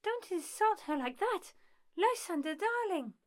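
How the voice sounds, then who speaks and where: A woman's voice: extremely high pitch, big pitch swings, unhurried, heavily acted. A woman playing Hermia, a bewildered, heartbroken young woman who pleads with her lover, in an amateur stage-play reading. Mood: distraught. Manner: pleading, distraught.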